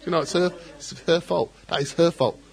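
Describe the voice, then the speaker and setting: Husky man preaching an animated sermon. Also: fairly high pitch, a little fast. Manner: animated, acts out quoted voices, joking asides. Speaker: pastor.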